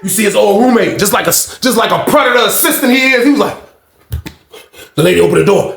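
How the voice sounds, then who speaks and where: A man casually telling a story, profane and animated, acting out voices and sound effects, in a roomy-sounding recording. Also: high voice, quick pace, creaky. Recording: roomy echo.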